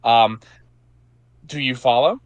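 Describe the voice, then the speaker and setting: A man's voice: medium pitch, slow, no echo. A man narrating as game master of a tabletop game, loose and casual, with frequent fillers.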